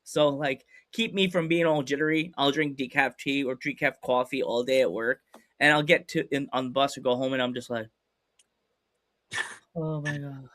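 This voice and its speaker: A man's voice: mid-range voice, steady tone, a little fast, fairly bright tone, dry recording, studio quality. A young American man hosting a podcast, chatting casually in a hyperactive, rambling way and laughing often. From United States. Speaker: podcast host. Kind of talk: casual chat.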